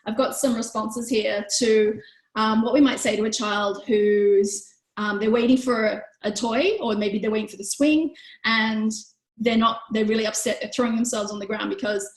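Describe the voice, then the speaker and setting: Teaching a parenting class online, a woman talks in a chatty manner with a steady tone and a moderate pace. She plays out quoted remarks using higher voices, and the recording has an echoey room sound.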